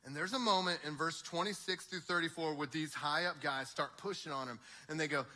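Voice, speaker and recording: A young man preaching an energetic youth sermon, acting out voices in quick back-and-forth dialogue. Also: on the high side. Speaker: youth pastor.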